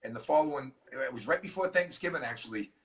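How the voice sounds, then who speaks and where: Fast, bright-voiced man telling a story. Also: mid-range voice, far from the mic, poor audio. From Massachusetts. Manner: animated storyteller acting out dialogue. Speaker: guest speaker, transformational coach. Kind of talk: storytelling interview chat.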